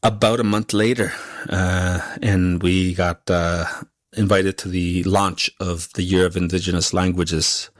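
A male musician, a guest whose first language is Inuktitut, answering interview questions haltingly with many pauses and fillers. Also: low voice, little pitch movement, dry recording, clean studio sound.

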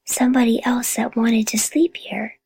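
A woman's voice: high-pitched, lively intonation, normal speed, dark tone, voice pushed up. A woman doing a spirited young girl. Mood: whispering. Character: bold young girl, older sister.

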